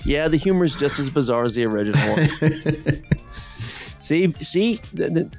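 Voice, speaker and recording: A man chats casually on a podcast, his pitch swinging lively as he jokes and grumbles. Faint music sits under the talk. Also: moderate pace, vocal fry. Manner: animated, joking, exasperated. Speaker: podcast co-host. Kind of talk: casual chat.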